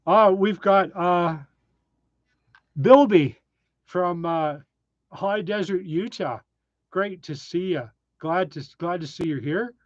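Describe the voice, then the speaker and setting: A man's voice: high voice, slow, pauses often, no echo, highs cut off. A man hosting a casual live stream from his cabin, chatting and answering viewer comments with lots of ums. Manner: chatty, reads viewer names, frequent ums. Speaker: live-stream host reading chat. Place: tiny desert cabin, indoors.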